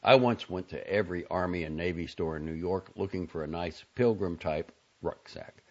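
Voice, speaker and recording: A man's voice: low voice, moderate pace. A man voicing a glib, outspoken young man in an audiobook reading, wry and sardonic. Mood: earnest. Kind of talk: audiobook character voice. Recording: dull lo-fi audio.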